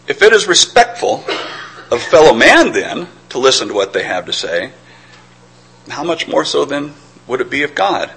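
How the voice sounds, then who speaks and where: Middle-aged male preacher, husky tone, earnest and reflective sermon delivery. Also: mid-range voice, sing-song, normal speed, a bit bright, rough recording. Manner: earnest, reflective, with stammered restarts.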